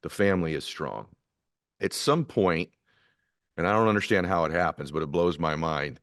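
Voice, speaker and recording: Very deep-voiced male host. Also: moderate pace, dry recording, clean studio sound. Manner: quiet affirming murmurs, then reflective. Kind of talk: interview.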